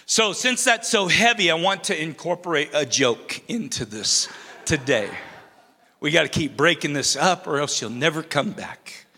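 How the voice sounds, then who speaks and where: Bright-voiced middle-aged pastor preaching. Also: male voice, fairly high pitch, animated, normal speed. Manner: conversational preaching with self-deprecating humor. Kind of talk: sermon. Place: church sanctuary. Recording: long reverb of a large hall.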